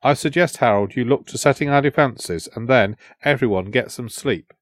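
A man's voice: mid-range voice, normal speed, no echo, natural voice. An indecisive young prince who speaks vaguely and hesitantly, as a male narrator puts him on. He sounds unsure of himself. The sound is dry and close.

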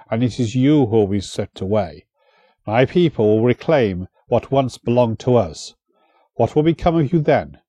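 A man's voice: medium pitch, dark tone, dry recording. A man voicing a one-eyed, commanding warlord chieftain in a storybook reading, his voice raised and angry. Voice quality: furious, commanding.

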